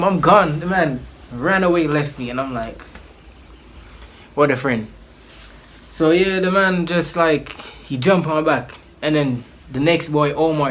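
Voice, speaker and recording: A man's voice: fairly high pitch, slight background noise. A man telling a personal story in a casual vlog, rambling and slangy, with many restarts. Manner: animated, acts out the people in his story.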